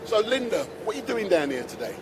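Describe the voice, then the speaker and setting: A man's voice: high-pitched, very animated, fast talker. A man doing a chatty live interview on a busy city street, holding a handheld mic. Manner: chatty, exclaiming. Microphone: handheld microphone. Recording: noisy street, traffic behind.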